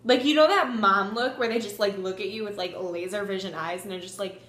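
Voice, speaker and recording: A young woman telling a story in a casual vlog, animated, swearing freely and saying "like" a lot. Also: mid-range voice, brisk, reverberant. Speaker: vlogger.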